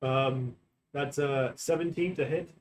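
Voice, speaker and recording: A man's voice: mid-range voice, fairly even intonation, a little slow, distant mic, a little hiss or hum. A man playing in a tabletop game, thinking aloud hesitantly about his moves. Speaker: player. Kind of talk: casual chat at a tabletop game.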